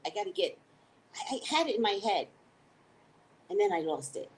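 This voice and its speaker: Lady psychic doing her morning live stream, rambly and sweary, voice jumps all over the place, kinda low-pitched. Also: a little fast, low-quality recording. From United States. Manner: rambling, profane, self-mocking, digressive; animated, swings into high excited tones. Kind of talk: casual live-stream chat.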